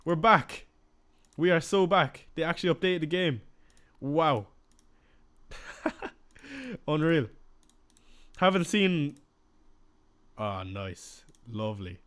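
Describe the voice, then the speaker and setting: A man's voice: fairly high pitch, big pitch swings, slow pace, pauses often. A young man chatting casually on a live stream, reading out and answering viewer questions as he goes.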